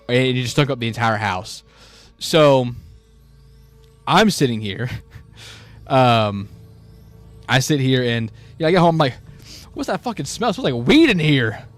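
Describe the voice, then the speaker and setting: A young man co-hosting a casual chat, telling a long story in a rambling way with many restarts and acting out the people he quotes. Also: mid-range voice. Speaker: podcast co-host.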